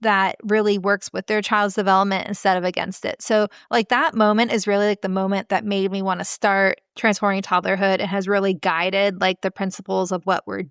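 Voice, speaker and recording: A woman parenting coach telling stories and giving advice in a podcast interview, earnest and animated, with frequent filler words. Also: mid-range voice, fairly quick, hardly any pauses, clear, resonant tone, no echo, studio quality.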